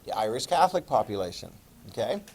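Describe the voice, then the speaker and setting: A man's voice: mid-range voice, big pitch swings, fast, darkish tone, slightly rough. A man teaching a history class, chatty and quizzing his students as he goes. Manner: chatty, asks the class questions. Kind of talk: classroom lecture.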